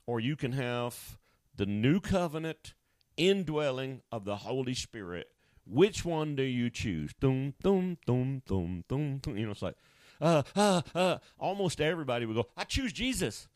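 A man's voice: mid-range voice, big pitch swings, a little slow, a little mellow, dry recording. A male pastor preaching a sermon in a folksy, conversational way, often restarting his sentences.

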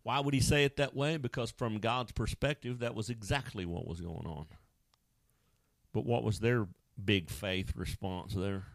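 A man preaching a sermon, animated, acting out Bible scenes and now and then jumping into high wailing voices. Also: measured pace, gravelly, dry recording, clean studio sound.

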